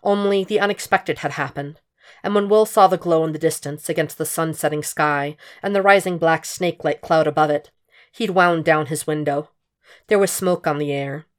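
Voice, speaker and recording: A woman narrating a fan fiction story in a steady, intense audiobook reading. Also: deep voice, moderate pace.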